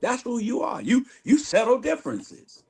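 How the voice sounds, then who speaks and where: A man giving an animated spiritual testimony in an interview, acting out the dialogue he recounts. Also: very high-pitched, normal speed, creaky, husky. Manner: animated storyteller, acts out quoted dialogue. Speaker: guest minister.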